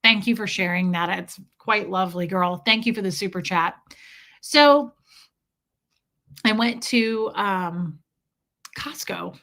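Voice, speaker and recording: A woman's voice: medium pitch, slow pace, pauses often. A woman hosting a casual livestream, telling a story while thanking her viewers between sentences. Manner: chatty, thanks viewers mid-story, animated retelling. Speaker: livestream host.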